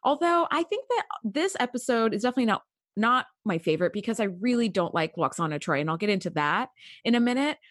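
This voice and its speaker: A woman co-hosting a casual podcast, animated and emphatic, laughing often. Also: a little high, quick pace, no room sound, clean studio sound. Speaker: podcast co-host.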